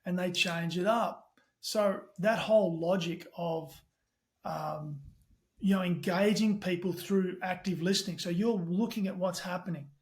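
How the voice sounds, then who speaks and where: Australian man, middle-aged, high voice, lively storyteller guest on a podcast. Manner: animated storyteller, talks fast with casual swearing. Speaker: podcast guest, tech company CEO. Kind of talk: casual podcast chat.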